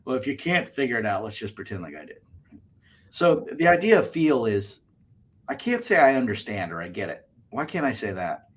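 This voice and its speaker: A man co-hosting a casual podcast chat, animated and fond of acting out little quoted exchanges. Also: mid-range voice, brisk, slightly rough. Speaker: co-host.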